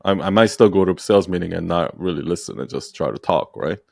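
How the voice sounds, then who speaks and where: A man's voice: deep voice, fast talker, vocal fry, no room sound, studio quality. A man hosting a podcast, coaching his guest in casual talk, probing with questions and often checking whether he is understood. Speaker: podcast host.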